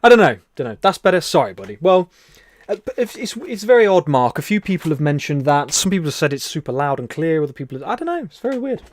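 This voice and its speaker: Chatty man hosting a soft-spoken stream. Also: fairly high pitch, sing-song, fast. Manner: chatty and friendly, calls viewers "my friend" and "buddy", laughs often; shifts between soft near-whisper and louder talk. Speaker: live stream host. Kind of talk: casual live-stream chat, reading viewer comments. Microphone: headset mic with headphones.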